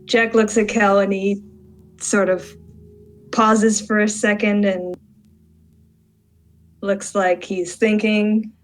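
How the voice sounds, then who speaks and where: Excitable woman player, slow-talking. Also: medium pitch, faint music behind, low-quality recording. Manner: laughing, excitable. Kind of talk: casual role-play chat.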